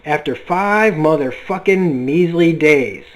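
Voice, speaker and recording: A profane, worn-out middle-aged man pours out his grief and self-loathing, read aloud by a man reviewing a comic book. He sounds weary and bitter, with a slightly raised pitch. The delivery stays close to an everyday speaking voice. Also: expressive, takes it slowly, poor audio.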